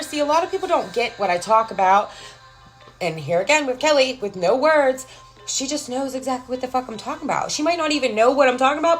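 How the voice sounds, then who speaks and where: A woman hosting a casual live stream from home, talking in an excited, profane, motivational way and greeting viewers by name. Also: fairly high pitch. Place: home, with a cat nearby.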